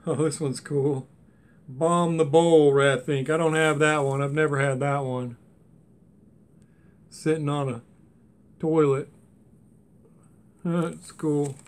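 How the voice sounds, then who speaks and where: A man's voice: on the high side, steady tone, slow, long pauses. A man, chatting casually and rambling in a folksy way while unboxing toy cars for his channel. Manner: chatty, folksy and rambling, with Southern-style grammar. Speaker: die-cast car hobby vlogger.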